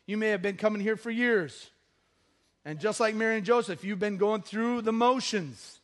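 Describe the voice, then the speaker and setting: A man with a notably high voice preaches to his congregation at a church service. He tells stories in an animated way, acting out the people in them as he goes. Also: moderate pace. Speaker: pastor. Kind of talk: sermon.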